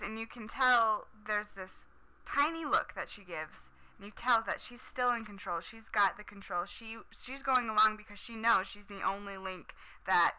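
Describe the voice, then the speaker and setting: A woman's voice: mid-range voice, pushed and bright, clear, resonant tone, rough recording. A woman casually recapping a TV episode, chatty and enthusiastic, with lots of "um" and "like".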